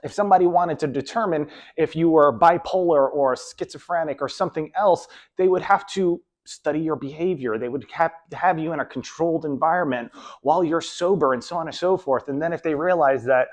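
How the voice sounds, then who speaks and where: A man's voice: on the high side, brisk. A young man casually talking to camera with rambling advice, often trailing off with "so on and so forth". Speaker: video host.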